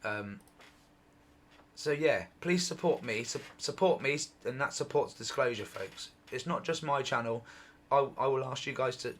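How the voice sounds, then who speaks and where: A middle-aged man hosting a UFO channel, giving excited, repetitive commentary over video footage, his voice going hoarse. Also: medium pitch, normal speed. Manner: excitable, repetitive, exclaims often.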